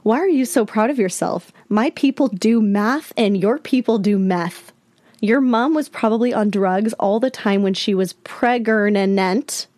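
A woman reading aloud the messages of a rude, abusive male scam guest, slowly and a bit higher than her usual voice. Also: darkish tone, no room sound, clean studio sound, close to an everyday voice. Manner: slow, slightly raised reading of quoted messages.

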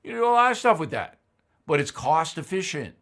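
A man's voice: fairly high pitch, very animated, a little fast, fairly bright tone. An older man hosting a commentary show, blunt and opinionated, reading ads and giving his views with emphatic repetition.

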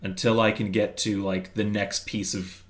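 A man playing a tabletop game, describing his character's moves haltingly with many fillers. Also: on the low side, level tone. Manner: hesitant, full of ums and likes. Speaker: player.

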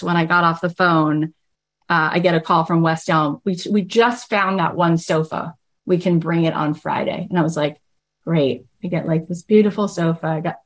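Chatty woman telling a casual story. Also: mid-range voice. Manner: chatty, animated, acts out quoted voices. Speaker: podcast host.

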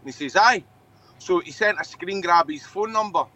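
A man's voice: high voice, normal speed, bright, forceful tone, low-quality recording. Rambling Scottish man on a video call. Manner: rambling, hesitant, swearing. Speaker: podcast regular on a video call. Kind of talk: casual storytelling.

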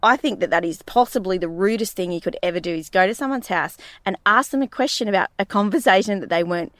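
Woman, podcast co-host, animated storyteller, dry close sound. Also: medium pitch, quick pace, dry recording. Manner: animated storyteller, acts out quotes. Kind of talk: casual chat.

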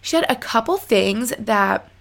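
A woman's voice: fairly high pitch, expressive, a little slow, vocal fry, fairly bright tone. A young woman telling a story to her viewers in a chatty way, full of "like" and acted-out bits of conversation. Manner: chatty, fillers of "like", re-enacts conversations. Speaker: vlogger. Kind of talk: casual storytelling to camera.

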